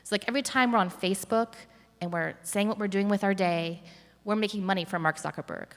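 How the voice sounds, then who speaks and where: A woman's voice: mid-range voice, fast talker, a bit bright, long reverb tail. A woman curator telling a story in a conversational interview, reflective, with many fillers and restarts.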